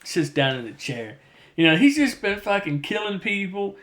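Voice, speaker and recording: A man talking casually as a podcast host, walking through a book's plot in a loose, rambling way. His voice sits a bit higher than most men's, and he slips into little character voices when he quotes someone. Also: big pitch swings, normal speed, fairly bright tone. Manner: rambling storyteller, acts out quoted lines. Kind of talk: casual chat retelling a novel.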